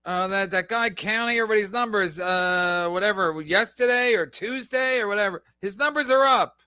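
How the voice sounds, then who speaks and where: Male podcast host, bright edgy tone, sarcastic heckler, dry room. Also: high voice, moderate pace, smooth, dry recording. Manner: sarcastic, loud profane interjections. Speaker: podcast host reacting to a clip. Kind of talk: mocking commentary.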